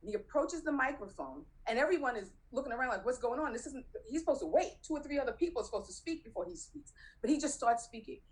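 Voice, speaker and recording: A middle-aged woman telling a personal true story on stage, acting out the dialogue in an animated way. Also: fast, hardly any pauses, poor audio. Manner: animated, acts out dialogue with rising pitch.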